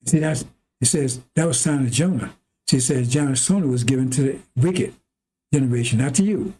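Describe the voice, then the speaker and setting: Male preacher, rambling and animated, husky and mellow. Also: mid-range voice, a little fast. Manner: animated, acts out arguments with God in a raised voice. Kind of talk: rambling sermon.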